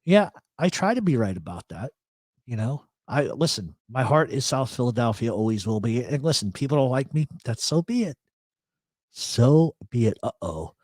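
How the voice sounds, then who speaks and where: This man, a radio show host, is very animated as he reads chat comments on a casual live talk show, speaking at a moderate pace in a mid-range, slightly mellow voice. He's blunt and rambling, swears plenty, and repeats himself while agreeing emphatically. The sound is echo-free and studio quality.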